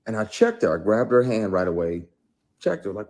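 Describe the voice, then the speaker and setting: With a lowish, slightly mellow voice, big pitch swings and a moderate pace, this middle-aged man speaks candidly about being an actor. It's a conversational interview where he tells his story bluntly and emphatically, swearing a lot as his intensity rises.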